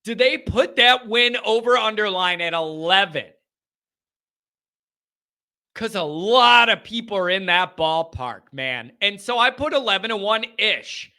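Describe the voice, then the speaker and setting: A man's voice: high voice, lively intonation, normal speed, pushed and bright, smooth. A man hosting a college football show, giving casual, emphatic commentary with a sarcastic edge.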